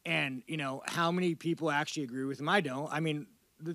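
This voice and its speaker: A man with a fairly high voice rambles through interview answers with loose, profane bro talk, peppering it with dude and man. The sound is close and dry, with no room around it. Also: fairly even intonation, a little fast, sharp tone, dry recording. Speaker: fighter at a media interview. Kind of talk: casual media-day interview.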